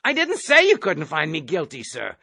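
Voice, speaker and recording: A man's voice: fairly high pitch, huge pitch swings, normal speed, creaky, bright, forceful tone, husky, heavily acted. A man voicing a nervous, earnest young male cadet who answers in anxious, over-precise politeness.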